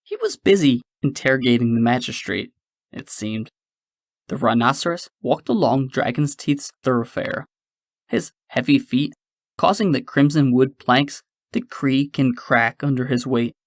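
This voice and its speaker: A man narrating a science-fiction audiobook in a measured storytelling manner. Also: mid-range voice, no room sound, studio quality. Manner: measured storytelling, shifting into character voices.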